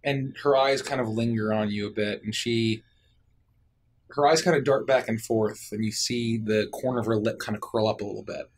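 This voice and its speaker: A man narrating a tabletop game as game master, describing scenes in a relaxed way. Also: fairly low pitch, moderate pace.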